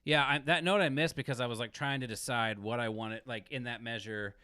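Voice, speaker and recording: A man musing aloud while practicing for an audition, critiquing himself in halting, self-correcting phrases. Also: medium pitch, steady tone, sharp tone, clear, resonant tone, dry recording, clean studio sound. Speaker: musician practicing audition excerpts. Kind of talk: thinking aloud during practice.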